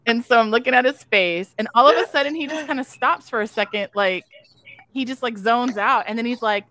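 Animated woman telling a wild story. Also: fairly high pitch, brisk, background noise. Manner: animated storyteller, swears freely, acts out quotes. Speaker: fashion show model telling a story. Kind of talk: casual chat, live stream.

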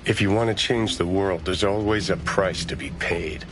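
A man's voice: low voice, moderate pace, over music, close to an everyday voice. An actor playing a cynical male mercenary who talks in a mocking, sneering way.

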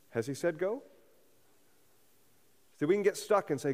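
Man, pastor, sermon, fairly high voice, earnest, fervent emphasis, church hall reverb. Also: expressive, moderate pace, pauses often, a little mellow. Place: church sanctuary.

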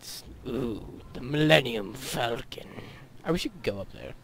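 A man's voice: medium pitch, animated, moderate pace, creaky, fairly bright tone, a little hiss or hum. A teenage boy giving rambling, goofy commentary over a game he is playing, with silly sound effects. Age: teens. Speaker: gaming YouTuber. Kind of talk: casual gameplay commentary.

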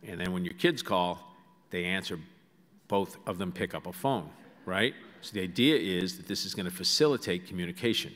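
A man telling funny stories to a live audience in a large auditorium, animated and full of asides. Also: low voice, moderate pace. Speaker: guest speaker. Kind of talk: comic storytelling to a live audience. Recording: reverberant hall sound.

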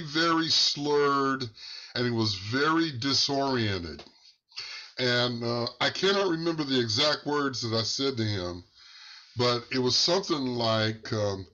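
A man telling a church testimony in a halting, unhurried way, pausing and restarting, his voice climbing as the story excites him. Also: medium pitch. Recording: muffled lo-fi recording.

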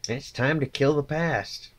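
A channel host with a medium-pitched voice speaks at a measured pace, angrily ranting to the camera with open contempt and nonstop swearing.

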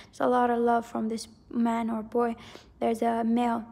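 A woman gives a loose, wandering tarot reading, circling back to repeat her points and hedging as she goes. Her voice sits a little high, with a mellow, dark tone and plenty of vocal fry. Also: completely flat delivery, moderate pace. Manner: rambling, hedging, repeats herself. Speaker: tarot reader. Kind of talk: casual psychic tarot reading.

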